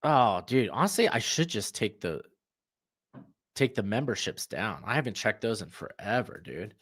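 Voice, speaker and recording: A man's voice: fairly low pitch, very animated, moderate pace, a bit bright. A young man, chatting casually and jokily as he hosts a football watch-along stream, reading chat and reacting to plays. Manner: rambling, jokey, talks to chat and his dog.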